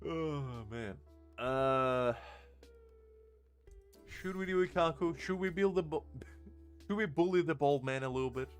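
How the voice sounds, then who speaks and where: A man's voice: on the high side, measured pace, pauses often, clear, resonant tone, soft background music. A young man live-streaming a game, chatting casually, laughing often and answering his chat.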